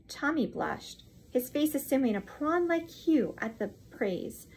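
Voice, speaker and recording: A woman reading a classic novel aloud in a steady, expressive manner. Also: a little high, a little slow, gravelly, few pauses, husky. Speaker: reader. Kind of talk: audiobook narration.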